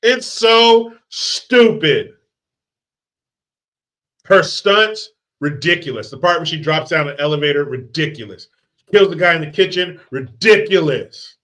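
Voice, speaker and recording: A man's voice: on the high side, lively intonation, moderate pace, fairly bright tone. A man ranting in a movie commentary, profane, sarcastic and heated. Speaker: movie reviewer.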